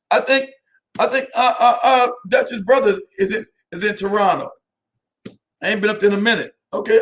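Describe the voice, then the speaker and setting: A man hosting a casual live stream, talking to viewers by name, animated and often laughing. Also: very high voice.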